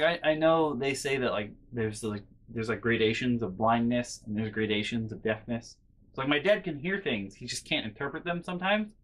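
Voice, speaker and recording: A young man vlogging, telling a casual, rambling story full of restarts and quiet muttered asides. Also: medium pitch. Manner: rambling, self-interrupting with fillers and restarts.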